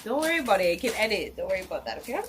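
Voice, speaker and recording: A young woman hosting a casual challenge vlog at home with family, excitable and quick to shriek and laugh. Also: medium pitch. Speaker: vlogger host. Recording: noisy home video.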